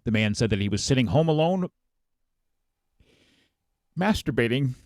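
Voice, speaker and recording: A male podcast host reading out police blotter headlines in a casual, animated way, laughing as he goes. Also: medium pitch, moderate pace, no room sound, clean studio sound.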